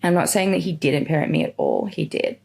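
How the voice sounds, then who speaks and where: A woman's voice: low-pitched, lively intonation, fairly quick, a little mellow. A young woman podcast host candidly telling her life story in a rambling, open way, full of fillers. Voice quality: gravelly. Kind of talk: personal storytelling monologue.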